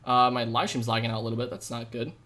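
A man's voice: medium pitch, little pitch movement, fast talker, bright, forceful tone, slight background noise. A man live-streaming a video game, chatting casually with viewers in an upbeat, slangy way into a desk microphone. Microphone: desk USB microphone.

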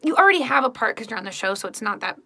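Chatty actress, female, rambling storyteller with a bright, forceful tone and some vocal fry. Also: fairly high pitch, sing-song, very fast. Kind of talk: casual recorded fan message.

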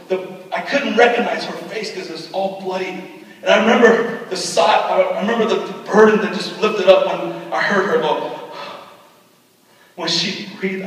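A male pastor telling a personal story in a sermon, moving between hushed and loud as he relives it. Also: high-pitched, normal speed. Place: retreat meeting hall. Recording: echoey hall picked up from far off.

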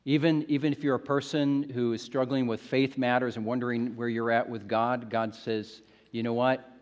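A man's voice: mid-range voice, little pitch movement, normal speed, big-room sound, muffled recording. A male pastor preaching a sermon in an earnest, emphatic way, often repeating phrases for stress. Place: church sanctuary.

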